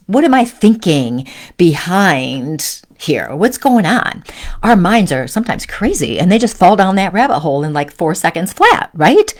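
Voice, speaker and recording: Woman host, lowish voice, gentle coaching delivery on a live spiritual teaching stream. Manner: gentle coaching, frequent "right?" and "okay?" check-ins.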